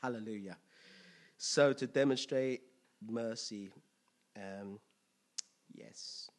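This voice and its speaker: A man preaching a conversational sermon, telling stories with lively impressions. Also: on the low side, slow. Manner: storytelling with animated impressions and laughter.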